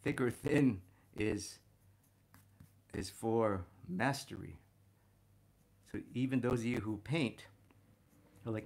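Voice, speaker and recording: Gravelly man teaching figure drawing. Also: on the low side, slow, pauses often, a little mellow, slight background noise. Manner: enthusiastic, talks to "my friends" while drawing. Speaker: art instructor. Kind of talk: drawing lesson while sketching.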